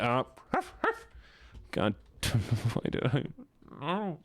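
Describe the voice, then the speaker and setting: Lively, joking male streamer. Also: mid-range voice, normal speed. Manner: animated, joking, often laughing. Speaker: live streamer. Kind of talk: casual live-stream chat while gaming.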